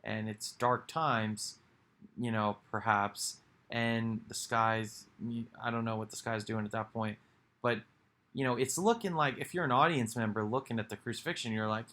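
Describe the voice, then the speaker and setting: A man's voice: fairly low pitch, steady tone, moderate pace, a bit bright. A man giving a rambling, reflective monologue for his video, musing aloud with sighs and restarts. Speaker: video creator.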